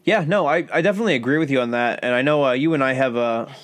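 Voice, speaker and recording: A man's voice: mid-range voice, very fast, a bit bright. A man with a mid-range voice co-hosts a casual podcast. He tells stories in a laid-back, jokey way and swears casually. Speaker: podcast co-host.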